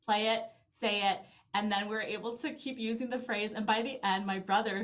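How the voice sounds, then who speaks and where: Woman, 30s-40s, podcast guest; lively anecdotal storyteller, conversational, says "like" a lot. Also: medium pitch, brisk, hardly any pauses. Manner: animated storytelling with acted-out quoted asides, filler "like". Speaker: guest, mother who travels with her kids. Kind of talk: casual interview conversation.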